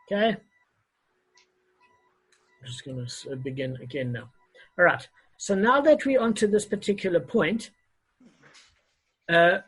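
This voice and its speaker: Man, online Talmud teacher on a video call; husky voice, hesitant delivery with self-corrections. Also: high-pitched, poor audio.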